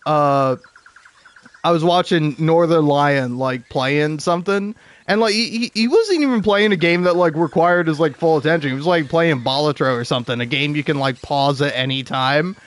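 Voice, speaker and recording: A man's voice: on the high side, normal speed, no echo. A man giving casual, rambling commentary over gameplay, stumbling over his words, swearing freely and laughing often. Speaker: gaming video creator.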